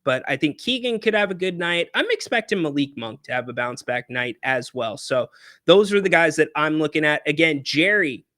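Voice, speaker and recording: A man's voice: on the high side, lively intonation, moderate pace, sharp tone, no echo, clean studio sound. A man hosting a sports pregame podcast, bantering playfully with callers and the live chat from a hotel room.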